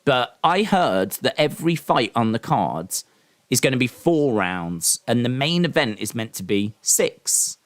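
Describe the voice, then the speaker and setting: Give me a man rambling through casual live-stream commentary, opinionated and full of ums, in a middle-pitched voice. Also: big pitch swings, unhurried. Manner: rambling and opinionated, with frequent fillers and restarts. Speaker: live-stream host reacting to wrestling and boxing.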